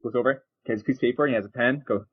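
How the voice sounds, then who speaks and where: A man narrating a tabletop game as game master, lively and halting. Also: mid-range voice, slightly rough. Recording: dull, lo-fi recording.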